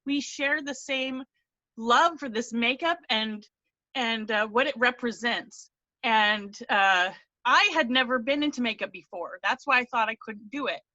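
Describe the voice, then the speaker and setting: A woman's voice: a little high, unhurried, sharp tone, dry recording, muffled recording. A woman on a video call telling her story, earnest and close to tears, rambling with restarts. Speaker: team member sharing her story. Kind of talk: emotional testimonial on a video call.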